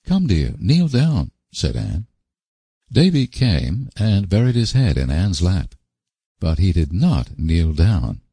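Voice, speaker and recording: A man narrating a classic novel as an audiobook, reading in a measured, expressive way. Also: deep voice, creaky, breathy edge, no room sound.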